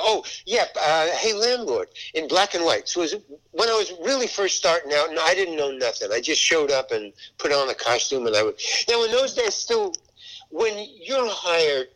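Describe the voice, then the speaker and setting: Older comedian guest, rambling storyteller with a lively, bouncing voice. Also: male voice, high voice, low-quality recording. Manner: rambling storyteller, acts out voices in quotes, many restarts. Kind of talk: casual anecdote telling.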